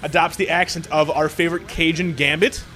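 A man with a notably high voice tumbles through an excitable, profanity-laced movie rant in loose conversation. Faint music plays underneath. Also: fairly quick. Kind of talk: casual chat.

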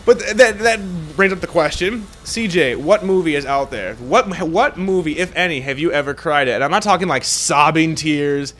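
A young man with a slightly high voice, chatting loosely as a podcast co-host. He rambles, restarts often and swears in nearly every sentence. Faint music plays behind him. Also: moderate pace, few pauses, a bit bright. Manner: profane, rambling, swears constantly. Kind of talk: casual chat.

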